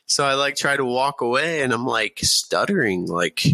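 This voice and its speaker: A man's voice: mid-range voice, expressive, normal speed, sharp tone, dry recording. A man in his thirties telling a story on a podcast in a laid-back, casual way, with plenty of fillers and swearing. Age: 30s. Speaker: podcast guest.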